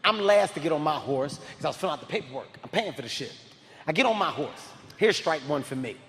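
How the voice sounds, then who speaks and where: A man doing stand-up comedy, telling stories in a loud, animated way and often shouting. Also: a little high, quick pace. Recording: live hall reverb, faint crowd ambience.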